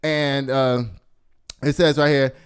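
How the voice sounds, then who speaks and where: A man hosting a casual gossip news show, sassy and animated, laughing often and calling his listeners y'all. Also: medium pitch, slow pace, smooth. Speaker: host.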